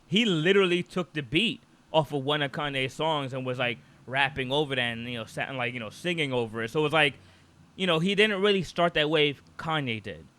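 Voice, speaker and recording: A man co-hosting a podcast in casual chat, animated and rambling, with lots of "like"s and restarts. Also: fairly high pitch, fairly quick. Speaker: podcast co-host.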